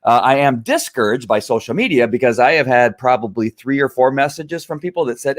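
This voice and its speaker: A middle-aged man hosting his own show, talking in a rambling, halting way with many fillers and an earnest, emphatic tone. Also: medium pitch, lively intonation. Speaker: show host. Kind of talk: casual live-stream monologue.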